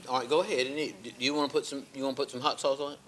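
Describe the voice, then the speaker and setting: A man's voice: mid-range voice, steady tone, rapid-fire, a crowd in the background. A man, a pastor hosting a TV program, chatting and joking exuberantly while tasting food in a studio kitchen. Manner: exuberant, joking, loud exclamations. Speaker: pastor and show host. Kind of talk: TV cooking segment chat.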